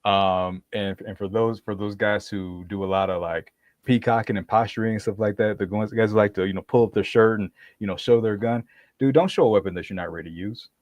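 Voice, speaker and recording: A man's voice: lowish voice, brisk, no room sound, lo-fi sound. A man hosting a podcast, telling a story in casual chat, laughing often and acting out what people said. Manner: animated, laughs often, acts out quoted voices. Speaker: podcast host.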